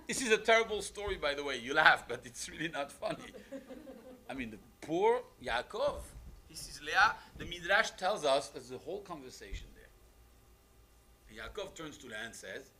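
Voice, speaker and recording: A rabbi teaching a class, speaking in an animated, emphatic way with frequent rhetorical questions. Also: male voice, sits high, moderate pace. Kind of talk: lecture on a text.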